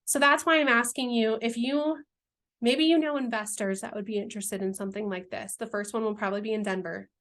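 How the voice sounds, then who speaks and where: A woman's voice: on the high side, fairly even intonation, brisk, fairly bright tone. A woman, earnestly describing her business dream in a heartfelt, rambling vlog, searching for words and near tears at times. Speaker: entrepreneur presenting her brand vision. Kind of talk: emotional, heartfelt vlog pitch.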